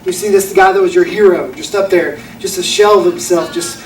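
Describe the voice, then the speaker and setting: A man's voice: high voice, fairly quick, a little hiss or hum. A young man preaching a sermon, telling a story in an earnest, folksy way. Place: church auditorium. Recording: echoey room from a distance.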